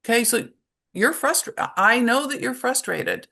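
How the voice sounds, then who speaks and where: A woman's voice: a little high, expressive, measured pace, creaky, pushed and bright. A woman presenting a webinar to parents and teachers, speaking conversationally and explaining her points through everyday examples.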